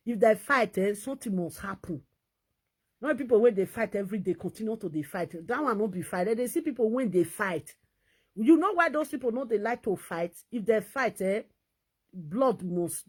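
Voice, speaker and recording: A woman with a Nigerian Pidgin accent, talking in an animated, laughing vlog commentary. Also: fairly high pitch. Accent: Nigerian Pidgin English. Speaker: vlogger.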